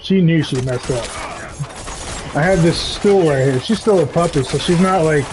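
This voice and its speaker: A man chatting casually on a live game stream, rambling and telling stories with lively energy. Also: fairly high pitch, normal speed, noisy background. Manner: rambling, animated storytelling. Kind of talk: casual live-stream chat while gaming.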